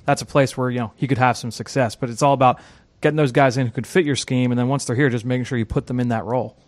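A man co-hosting a sports talk segment speaks rapidly, scattering "you know" through his points. His voice sits close and dry, with no room sound around it. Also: mid-range voice, steady tone, dry recording. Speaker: co-host. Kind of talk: casual sports discussion.

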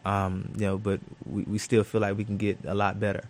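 A man's voice: lowish voice, monotone, a little fast, a little mellow. A man, a professional football cornerback, answering questions in a studio interview, thoughtful and full of fillers and restarts.

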